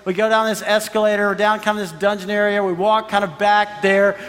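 A pastor preaches and tells a story, acting out what each person said with plenty of energy. His voice sits high for a man. Long reverb from a large hall trails behind every phrase. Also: level tone, fairly quick, a bit bright. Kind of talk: sermon storytelling.

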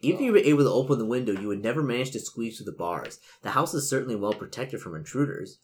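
A man's voice: medium pitch, lively intonation, fast talker, a little mellow, slight background noise. A man acting as game master, reading a gamebook's narration to his players with dry asides.

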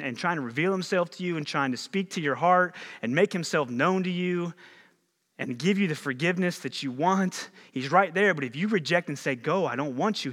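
A male pastor preaches in a lively, conversational way, slipping easily into casual slang as he tells a story. His voice sits a little high for a man. Long reverb from a large church room trails after his words. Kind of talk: sermon. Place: church auditorium.

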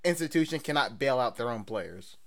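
Lively, teasing young man hosting. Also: medium pitch, fairly quick, vocal fry, a loud crowd. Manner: teasing, laughs easily. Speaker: podcast host. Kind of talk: casual sports chat.

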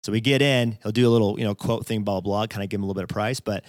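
A man's voice: fairly low pitch, steady tone, rapid-fire, dry recording, clean studio sound. A man chatting casually, telling a rambling story full of fillers. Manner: rambling storytelling with many fillers and acted quotes. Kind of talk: casual chat.

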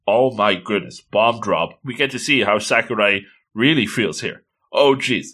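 A man reading a comic aloud in casual commentary, chatty and quick to exclaim at what happens. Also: lowish voice, sharp tone. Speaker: manga reader. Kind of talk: casual read-along commentary.

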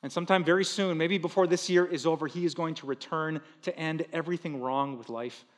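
Male pastor, slightly high voice, earnest sermon with loud bursts and hushed drops, long hall reverb. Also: fairly quick.

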